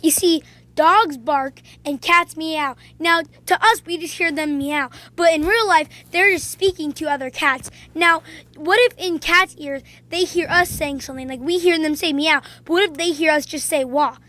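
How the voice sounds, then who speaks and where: High bright chatty woman vlogger. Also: moderate pace. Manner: chatty, playful, with frequent "um"s. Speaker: video creator. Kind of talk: casual vlog storytelling.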